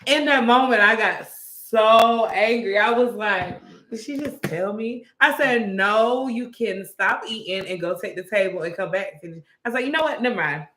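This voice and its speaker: Young woman, casual chat, mid pitch, echoey room, acts out dialogue. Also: moderate pace. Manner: animated storyteller who acts out quotes. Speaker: restaurant manager and podcast co-host.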